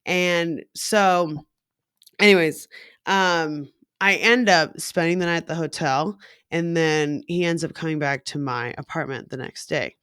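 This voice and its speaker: A woman in her thirties tells her own story in a frank, profane way, leaning on "like" and "you know". Her delivery is slow and unhurried. The sound is dry and close, with no room echo. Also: sits low, fairly bright tone, smooth. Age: 30s. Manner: frank and profane, filler-heavy with lots of "like". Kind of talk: candid personal story.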